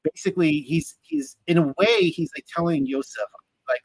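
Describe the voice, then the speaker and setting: Man, slightly high voice, dry sound, casual bible study reading, fillers and restarts. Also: animated, normal speed, no room sound, low-quality recording. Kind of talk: scripture reading with commentary.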